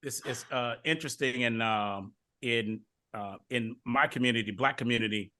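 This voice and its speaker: Middle-aged male host from Detroit, bright edge, loose chatty storyteller who restarts often. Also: medium pitch, moderate pace. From Detroit, USA. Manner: repeats words and restarts often, relaxed storytelling. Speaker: podcast host. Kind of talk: casual interview chat.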